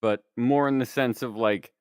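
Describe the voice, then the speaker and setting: Young male streamer, clear voice, dry close sound, casual laughing chatter. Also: mid-range voice, steady tone, moderate pace, darkish tone, no echo. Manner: rambling storytelling, laughs often. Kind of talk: casual chat.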